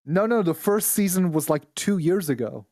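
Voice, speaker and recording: A man's voice: high-pitched, lively intonation, moderate pace, darkish tone, no echo, clean studio sound. A man from Israel, a podcast guest, ranting bluntly and with plenty of swearing in casual chat.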